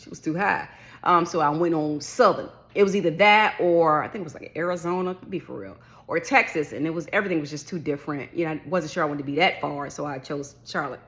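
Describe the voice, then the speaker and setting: A woman vlogger chatting casually about a solo trip, telling the story with lively acted-out reactions. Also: on the low side. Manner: animated storytelling, acts out her own past reactions. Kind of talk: casual chat.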